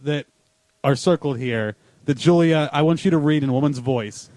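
A man co-hosting a casual podcast in a crude, joking way. His voice is somewhat high. The sound is dry and close. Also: moderate pace, a little mellow, no echo. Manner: crude and joking, reads aloud from a magazine. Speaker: podcast co-host.

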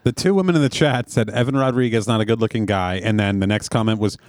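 A man co-hosting a podcast in casual, drunken banter, tossing out deadpan wisecracks. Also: on the low side, fast talker, no echo, clean studio sound. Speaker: podcast co-host.

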